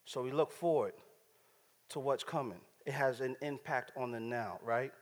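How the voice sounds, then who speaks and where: A man's voice: mid-range voice, normal speed. Slangy preacher man in a reverberant hall. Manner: casual street slang, rhetorical check-ins. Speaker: pastor. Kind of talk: sermon.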